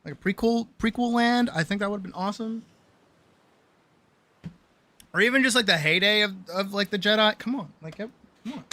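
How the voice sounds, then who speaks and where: A young adult woman streamer telling a story in a casual, animated rant, swearing often and full of fillers. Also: medium pitch, fast talker.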